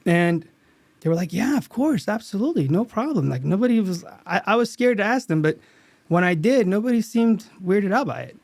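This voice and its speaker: A man speaking in a slightly raised register, earnest and animated as he recounts a story from a set. He restarts his sentences often as the feeling catches up with him. The sound is dry and close, like a podcast mic with no room around it. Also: high voice, moderate pace, creaky, dry recording. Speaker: actor guest. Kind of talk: casual interview storytelling.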